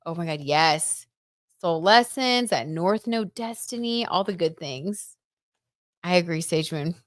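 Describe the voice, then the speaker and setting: A young woman hosting a casual live-stream tarot reading, chatty and excitable, reading out viewer comments and reacting with frequent exclamations. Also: lowish voice, unhurried, no echo, studio quality. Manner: chatty and excitable, lots of "oh my god" and "like".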